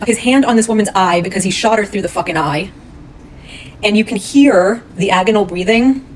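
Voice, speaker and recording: A woman's voice: medium pitch, normal speed, a little hiss or hum, poor audio. A woman retelling a true crime case in a casual, blunt, heated way, swearing often.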